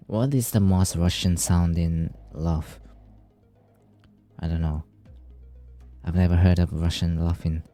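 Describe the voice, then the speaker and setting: A man's voice: low-pitched, fairly even intonation, slow, pauses often, warm tone, faint music behind. A man streaming a game, reading its dialogue aloud with playful asides. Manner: reads lines aloud with playful asides and frequent laughter.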